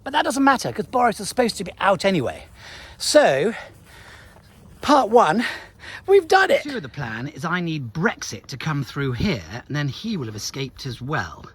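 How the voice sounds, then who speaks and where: A man's voice: a little high, huge pitch swings, normal speed, breathy edge. A man vlogging from his farm, chatting to the camera and coaxing his cattle along. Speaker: farmer vlogger. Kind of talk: casual farm vlog narration. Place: outdoors on a farm and at a livestock market.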